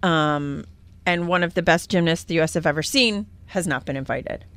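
A woman's voice: sits low, normal speed, fairly bright tone. A woman co-hosting a radio show, running a chatty entertainment news segment and weighing in with her own opinions. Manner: chatty, reads headlines and gives her own take. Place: radio studio.

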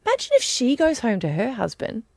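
A woman's voice: on the high side, huge pitch swings, fairly quick, vocal fry, a little mellow, no echo, clean studio sound. A woman, co-hosting a radio show in casual, giggly chat. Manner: chatty, giggly. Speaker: radio host.

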